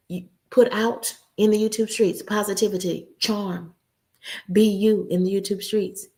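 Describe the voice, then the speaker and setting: Woman, late forties, livestream host, upbeat, preachy, says y'all, mid-pitched voice. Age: 40s. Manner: upbeat and preachy, keeps saying y'all and friends. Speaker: YouTube channel host. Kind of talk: casual livestream chat.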